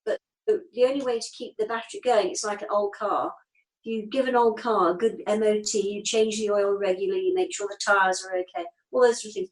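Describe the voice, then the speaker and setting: A woman in her fifties talks in a relaxed, chatty way as an interview guest. She is direct and down to earth, leaning on plain everyday examples. Her voice sits at an ordinary middle pitch. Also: brisk, poor audio. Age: 50s. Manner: straight-talking, chatty, uses homely analogies. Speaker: acupuncturist guest. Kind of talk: casual interview chat.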